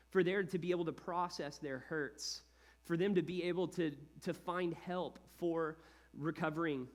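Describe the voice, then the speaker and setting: A man in his thirties preaching a sermon as a pastor, in an animated, conversational style with lots of casual asides. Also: a little high.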